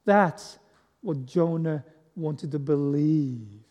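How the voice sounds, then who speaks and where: Extremely slowly, a man with a slightly high, mellow voice gives a conversational sermon as a guest speaker, asking the congregation questions and using self-deprecating humour. The recording is muffled and carries the long echo of a large hall.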